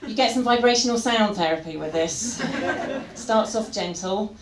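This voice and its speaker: A woman performing stand-up live, with a wry, pun-loaded delivery and plenty of chat with the crowd. Her voice carries through a roomy venue, and a clear murmur of the audience sits behind it. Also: medium pitch, moderate pace. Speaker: stand-up comedian. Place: comedy venue stage. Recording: echoey venue with crowd noise.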